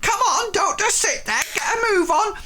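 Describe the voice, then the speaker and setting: A man voicing a bossy, portly female cook who barks orders in a shrill falsetto. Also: expressive, moderate pace, pushed and bright, slight background noise, full character voice.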